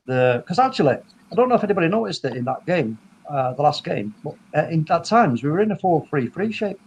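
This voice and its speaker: A man hosting a casual football chat over a video call, talking in animated, rambling bursts full of restarts. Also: medium pitch, a little hiss or hum, low-quality recording. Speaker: football podcast host.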